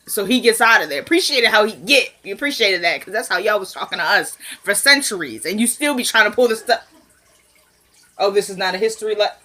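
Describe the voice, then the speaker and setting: Chatty woman recapping a TV episode, bright voice. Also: mid-range voice, lively intonation, normal speed. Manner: chatty, retells scenes with "he was like" and side comments. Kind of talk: casual episode recap and commentary.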